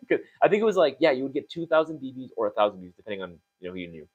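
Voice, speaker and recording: Young male co-host, quick animated storyteller, lots of "like" and restarts. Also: mid-range voice, breathy edge, narrow, tinny audio. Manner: fast, animated storytelling with many fillers. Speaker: co-host of a store talk show. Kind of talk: casual chat.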